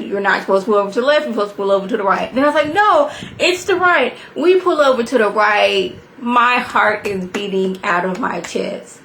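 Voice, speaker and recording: A woman in her thirties chattily recapping a TV episode to her viewers, acting out quotes in a high voice. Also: slight background noise. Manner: animated storyteller, acts out quotes in a high voice; chatty, talks straight to viewers. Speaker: TV review vlogger.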